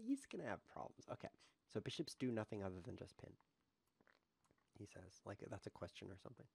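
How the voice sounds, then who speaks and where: A man streaming live chess commentary, joking and mocking himself, muttering quietly while he thinks over his moves. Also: on the low side, vocal fry, dry recording. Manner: joking, self-mocking, animated.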